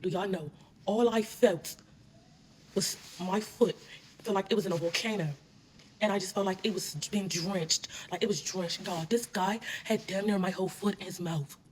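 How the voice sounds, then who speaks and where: A woman telling a casual, animated storytime, with plenty of slang and swearing. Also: medium pitch, normal speed, a little hiss or hum. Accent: US Southern.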